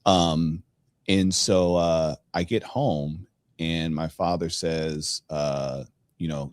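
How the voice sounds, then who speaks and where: A middle-aged man hosting a podcast, telling a personal story in a casual, animated way and acting out the dialogue. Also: very deep voice, a little slow, no echo. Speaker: podcast host.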